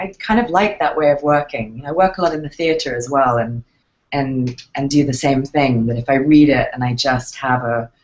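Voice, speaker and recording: An English woman talks through interview questions in a relaxed, reflective way. She pauses often and restarts her sentences as she thinks. The sound is a little muffled and lo-fi. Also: rumbling low. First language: English accent in real speech. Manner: thoughtful, hesitant, many fillers and restarts. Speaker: actress interviewed as guest.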